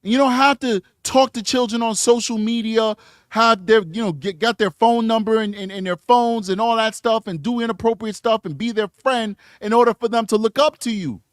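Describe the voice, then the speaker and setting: American guy hosting a live true crime stream, preachy and rambling, kinda high voice, dry sound. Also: moderate pace, no room sound. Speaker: true crime show host. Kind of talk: live commentary reacting to clips and chat.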